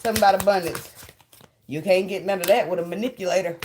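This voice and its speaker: A woman's voice: mid-range voice, fairly even intonation, fast, background noise. A woman giving a casual tarot reading, blunt and profane, laughing often as she talks. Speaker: tarot reader.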